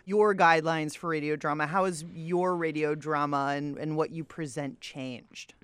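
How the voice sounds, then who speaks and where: A woman's voice: steady tone, moderate pace, smooth, dry recording. A woman hosting a podcast show in a bubbly, playful radio manner. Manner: bubbly and playful, with big swoops in pitch.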